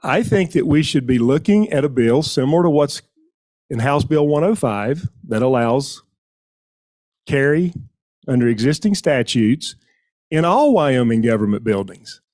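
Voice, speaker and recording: Man, formal committee testimony, measured, emphatic, hearing room. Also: on the high side, animated, darkish tone. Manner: measured, emphatic, with stressed key words. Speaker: witness testifying to a legislative committee.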